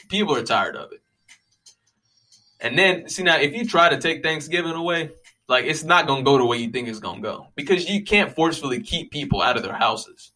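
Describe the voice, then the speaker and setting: A young man, casually rambling and joking with lots of profanity. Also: mid-range voice. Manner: profane, joking, animated storytelling.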